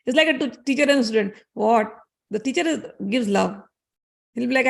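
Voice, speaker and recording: Give me an expressive woman teaching scripture stories, with a slightly high, gravelly voice. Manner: animated, expressive, chants Sanskrit verses rapidly. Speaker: spiritual teacher. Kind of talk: devotional scripture storytelling.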